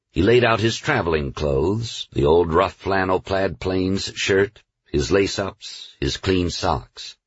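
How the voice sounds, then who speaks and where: A man reading a novel aloud as a narrator, in a measured storytelling manner. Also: low voice, husky, no echo. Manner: measured storytelling, slows on lists. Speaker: audiobook narrator. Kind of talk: scripted narration. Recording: dull, dry studio recording.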